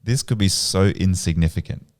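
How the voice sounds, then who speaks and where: A man's voice: low voice, normal speed, a little mellow. A man, a psychotherapist and podcast guest, explaining his method in a casual, earnest way.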